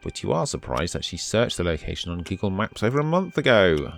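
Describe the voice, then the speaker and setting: Low-voiced male gamer, reads on-screen text steadily and adds dry quips over soft music. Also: sing-song, fairly quick, gravelly. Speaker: let's play host. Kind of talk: reading game text aloud with commentary.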